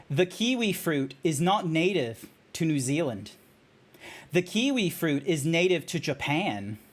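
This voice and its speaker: An excitable young Australian man chats casually on a game stream, rambling from one bit of trivia to the next and laughing at his own jokes. His voice sits high for a man. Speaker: VTuber streamer.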